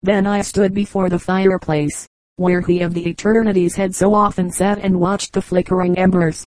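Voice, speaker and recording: A woman reading an audiobook in a measured, even narration. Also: fairly low pitch, dry recording, rough recording. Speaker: audiobook reader. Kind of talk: scripted narration.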